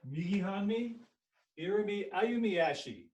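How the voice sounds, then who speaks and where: A man's voice: high-pitched, lively intonation, moderate pace, dull audio. A male aikido instructor teaching an online class, calling out short technique cues while he demonstrates. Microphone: laptop or camera mic at a distance. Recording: echoey room, distant mic.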